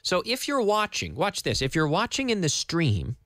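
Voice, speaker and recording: A man from Nova Scotia teaching English on live radio from a studio microphone, patiently repeating words slowly for learners. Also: sits high, wildly swooping pitch, fairly bright tone, no room sound. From Canada (Nova Scotia).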